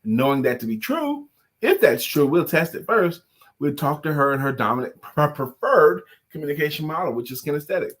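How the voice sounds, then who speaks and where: A man's voice: fairly high pitch, sing-song, normal speed, fairly bright tone. A man co-hosting a talk show, explaining communication styles in a coaching manner and prompting his partner. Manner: coaching tone, explains and prompts, calls people baby. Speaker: co-host, coach. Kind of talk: casual conversational talk.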